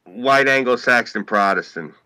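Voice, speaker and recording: A man's voice: mid-range voice, expressive, moderate pace, bright, forceful tone, clear, resonant tone, no room sound, low-quality recording. A man with a New York accent in casual podcast chat, rambling and emphatic, swearing freely and using "like" a lot. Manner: rambling, emphatic, profane, heavy use of "like".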